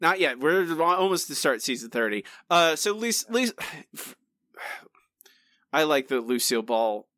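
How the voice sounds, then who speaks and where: Man, podcast co-host, fairly high voice, dry close sound, animated, teasing, mock-outraged. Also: moderate pace, long pauses, no room sound. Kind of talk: casual chat.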